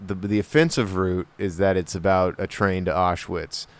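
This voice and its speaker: A man's voice: low voice, little pitch movement, normal speed, smooth. A man co-hosting a comedy podcast, chatting casually and jokily, often restarting his sentences as he rambles. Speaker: podcast co-host.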